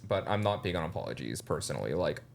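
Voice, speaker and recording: A man chatting as a podcast guest, blunt and animated, swearing freely and laughing often as he tells stories. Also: a bass voice, quick pace, vocal fry. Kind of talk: casual chat. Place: podcast studio.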